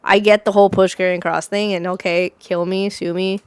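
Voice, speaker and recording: A woman co-hosting a relaxed chat, blunt and halting, full of fillers and restarts. Her voice sits at an ordinary pitch. The sound is dry and close, with no room around it. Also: clear, resonant tone, dry recording. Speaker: podcast co-host. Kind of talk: casual chat.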